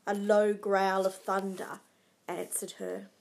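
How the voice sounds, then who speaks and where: A woman narrating a storybook in a measured, dramatic way. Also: medium pitch, flat delivery, darkish tone.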